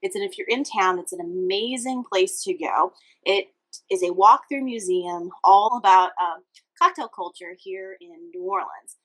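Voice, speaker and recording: A young Louisiana woman hosts a casual cocktail demonstration from her home kitchen, chatting to the viewer in an upbeat way as she mixes. Her voice is mid-range and moderately paced, though the audio is poor.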